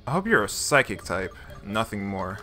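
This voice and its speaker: Bright-voiced young man playing a game. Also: on the low side, sing-song, normal speed. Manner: casual, joking, laughs often, reads game text aloud. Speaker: gaming YouTuber. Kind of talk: let's play commentary. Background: faint game music.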